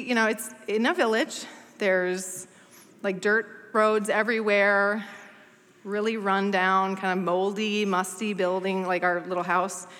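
A woman's voice: mid-range voice, a bit bright. A woman in her thirties giving a chatty, self-deprecating talk to a church congregation, full of playful asides. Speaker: guest speaker at a church service. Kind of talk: humorous personal talk to a congregation. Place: church hall. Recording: long hall reverb.

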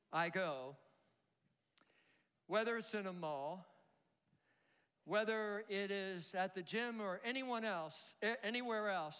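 High-voiced preaching pastor in a hall. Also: male voice, clear, resonant tone. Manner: animated preaching with call-and-response. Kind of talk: sermon. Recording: long hall reverb.

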